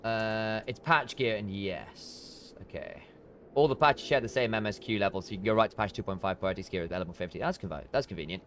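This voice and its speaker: A man streaming a game and chatting casually to himself in a relaxed, muttering way. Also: lowish voice, fairly quick, slight background noise. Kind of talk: casual gameplay commentary.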